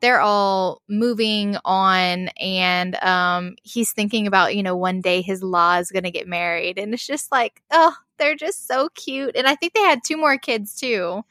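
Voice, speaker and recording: A chatty woman co-hosting a casual book chat, filling in story details as she goes. Her voice is bright and forward, at a middle pitch for a woman. The sound is dry and close to the mic. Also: measured pace, hardly any pauses, no echo. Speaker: podcast co-host.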